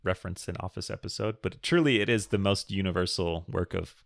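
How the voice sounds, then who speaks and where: A man's voice: low-pitched, fairly quick, vocal fry, dry recording, studio quality. A man co-hosting a casual podcast, joking around and reading listener questions aloud. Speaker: podcast co-host.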